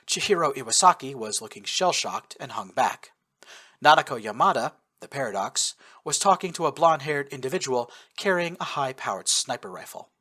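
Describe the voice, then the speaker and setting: An expressive man reads a first-person war tale aloud with lively storytelling. His voice is bright and forward, and his pitch moves freely over a wide range. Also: normal speed, breathy edge. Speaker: narrator. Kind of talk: first-person audiobook narration of fan fiction.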